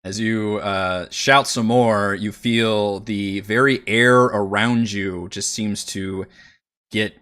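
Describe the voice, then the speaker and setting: A man's voice: lowish voice, fairly even intonation, slow pace, a bit bright. A man narrating as dungeon master in a tabletop game, describing scenes with frequent hesitations. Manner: hesitant, filler-laden description.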